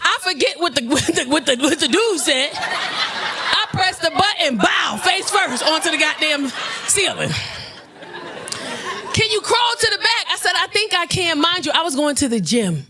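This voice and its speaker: A stand-up comedian, telling a loud, profane story on stage with punchy delivery. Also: female voice, high-pitched, lively intonation, normal speed, crowd noise. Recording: noisy live club recording. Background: audience laughter.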